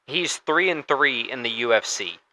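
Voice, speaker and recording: A man's voice: medium pitch, lively intonation, normal speed, pushed and bright, slight background noise, rough recording. A man co-hosting a casual sports podcast, talking through fight picks in a loose, conversational way with fillers and restarts. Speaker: podcast co-host.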